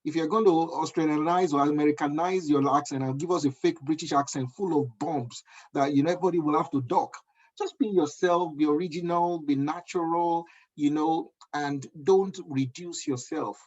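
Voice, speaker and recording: Speaking at normal speed in a steady, somewhat high voice, a man in his thirties with a Nigerian accent gives an emphatic motivational talk as a guest. He keeps making sure the audience follows by asking "do you understand?" The audio is dull lo-fi.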